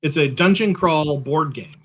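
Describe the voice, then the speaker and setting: A man's voice: a little high, unhurried, fairly bright tone. A man co-hosting a casual chat, playful and talkative with joking asides, a bit sleepy. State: sleepy, yawning. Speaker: co-host.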